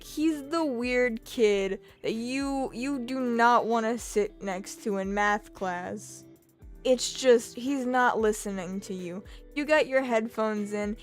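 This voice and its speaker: A young woman vlogging from her bedroom, rambling casually with lots of fillers and restarts. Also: a little high. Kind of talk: casual chatty commentary.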